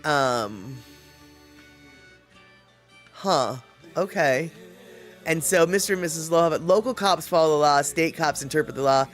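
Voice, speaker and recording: Male streamer host, slightly high voice, chatty and laughing, faint music under. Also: animated, measured pace, pauses often. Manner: chatty and laughing often, reads comments aloud. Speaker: livestream host. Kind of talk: casual livestream chat reading viewer comments.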